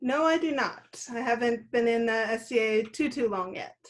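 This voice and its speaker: A woman's voice: on the high side, expressive, normal speed. A woman in her thirties, a guest on an interview show, answering in an easygoing way with frequent "uh" and "um". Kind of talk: casual interview.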